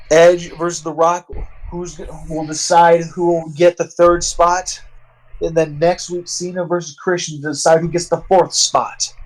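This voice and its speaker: A man's voice: a little high, rough recording. Profane, rambling man narrating a game. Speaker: let's-play narrator. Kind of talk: casual game commentary.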